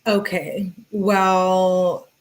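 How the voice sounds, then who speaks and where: A woman's voice: lowish voice, level tone, very slow, poor audio. A woman casually reading text messages aloud and adding her own comments, chatting with her viewers as she goes. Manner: reads messages aloud and chats with live viewers. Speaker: true crime commentator.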